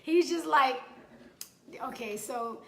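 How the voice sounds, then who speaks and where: A woman hosting a talk show, telling stories in an animated, playful way and laughing often. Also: high voice, slow pace, gravelly, echoey room. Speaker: radio show host. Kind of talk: casual chat.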